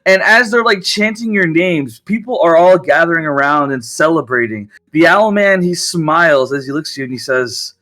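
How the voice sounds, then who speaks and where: Bright-voiced man running a tabletop game. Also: fairly high pitch, normal speed, hardly any pauses. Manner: lively storytelling with laughs. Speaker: game master.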